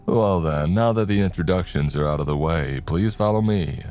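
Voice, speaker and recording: A man voicing a folksy aging flea-market owner in a cowboy hat, speaking in a slow, wistful drawl. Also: deep voice, a little mellow, lightly acted. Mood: welcoming.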